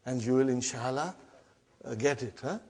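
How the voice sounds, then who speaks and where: A man's voice: medium pitch, moderate pace, darkish tone, husky. A middle-aged man teaching an Arabic grammar lesson to a class, repeating terms, chanting drills and checking often that everyone is following.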